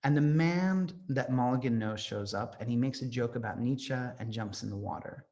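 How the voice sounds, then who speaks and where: A man with a gravelly, mid-pitched voice gives an informal lecture on a novel. He talks off the cuff and chats along, dropping ums as he gathers his thoughts. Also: normal speed, darkish tone. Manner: conversational and off the cuff, with frequent ums. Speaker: literature lecturer.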